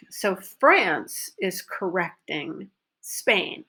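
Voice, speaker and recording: Female teacher, slow and deliberate delivery, models stressed words clearly for practice. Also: fairly low pitch, expressive, sharp tone. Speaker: pronunciation teacher. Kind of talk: recorded online lesson.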